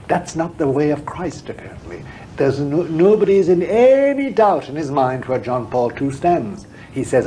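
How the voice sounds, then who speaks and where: A man's voice: fairly high pitch, big pitch swings, moderate pace, mellow, slight background noise, rough recording. A man speaking as an interview guest, a historian and theologian, talking frankly and emphatically, repeating words when he presses a point. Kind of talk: frank, discursive interview talk.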